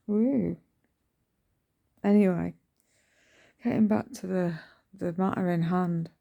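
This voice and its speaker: A woman's voice: fairly low pitch, fairly even intonation, a little slow, creaky, phone-quality sound. A middle-aged woman vlogging at home in a rambling, chatty way, full of ums and restarts. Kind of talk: casual early-morning vlog chat. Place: at home indoors.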